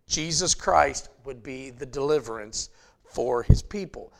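A man preaching a sermon in a conversational way, checking in with "okay?" and building up to loud, emphatic passages. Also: medium pitch, unhurried, gravelly. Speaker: pastor.

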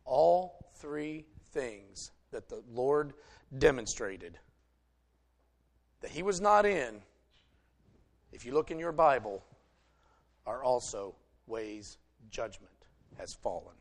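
A male preacher delivering a sermon, retelling a story and swinging between loud emphasis and hushed asides. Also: medium pitch, lively intonation, takes it slowly, long pauses.

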